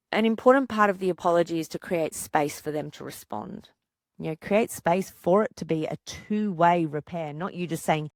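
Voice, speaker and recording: A woman psychologist hosting a podcast, calmly coaching parents and asking rhetorical questions. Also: on the low side, moderate pace, dry recording, studio quality. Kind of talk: podcast monologue giving parenting advice.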